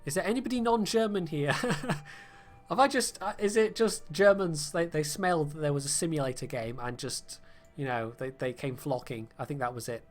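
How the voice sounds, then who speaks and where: A man's voice: a little high, moderate pace, soft background music. A British man casually talking through a game on a livestream, rambling with lots of fillers and wry, self-deprecating jokes. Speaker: game streamer. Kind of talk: casual livestream gameplay commentary.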